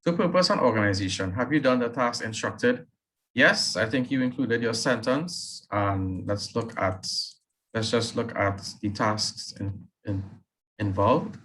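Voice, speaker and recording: A man teaching, reading a student's story aloud with deliberate pauses and stopping to give writing feedback. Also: on the low side, fairly bright tone, low-quality recording. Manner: reads slowly with deliberate pauses, then comments briskly.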